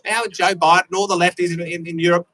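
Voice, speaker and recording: An Australian man giving an outdoor rally speech in a conversational way, repeating and restarting words, sometimes rising to a shout. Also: sits high, level tone, fast talker, slight background noise, poor audio. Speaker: rally speaker.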